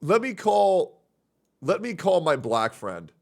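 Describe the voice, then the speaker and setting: Young male streamer, brash and rambling, a bit high-pitched. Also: very animated, slow, gravelly. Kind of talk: casual stream chat.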